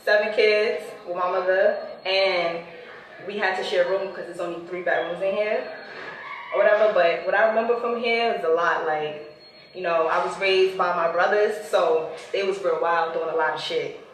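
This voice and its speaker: Out on the city streets, a woman from the Bronx gives a casual tour of her old neighborhood in laid-back slang, reflecting on her childhood there in a New York accent. She talks at a moderate pace in a lowish, steady voice. The audio is distant and echoey, swamped by loud street noise.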